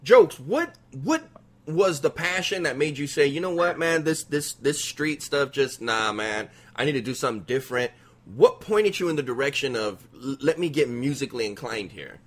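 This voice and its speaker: A man hosting a casual interview, relaxed and hyping up his guest. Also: medium pitch, moderate pace. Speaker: podcast host.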